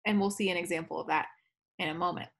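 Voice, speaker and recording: A woman's voice: lowish voice, steady tone, quick pace, vocal fry, fairly bright tone. Chatty woman teacher recording a lesson. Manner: chatty, self-correcting, laughs at own slips.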